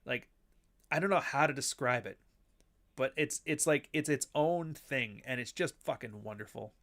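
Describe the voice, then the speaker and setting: A man's voice: medium pitch, moderate pace, fairly bright tone. A man hosting a casual livestream, rambling between topics and reading the chat aloud. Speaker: livestream host.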